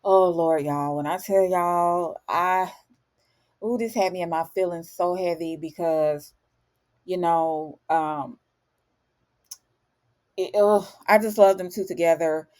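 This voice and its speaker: A woman's voice: on the low side, slow, pauses often, darkish tone. A woman casually recapping a show episode for viewers, chatty and emotional, with frequent fillers and asides to the audience.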